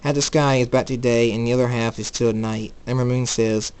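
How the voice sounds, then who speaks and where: Amateur male storyteller; plain, halting reading at mid pitch. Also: fairly even intonation, a little mellow, clean tone, rough recording. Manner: plain reading, stumbling on words.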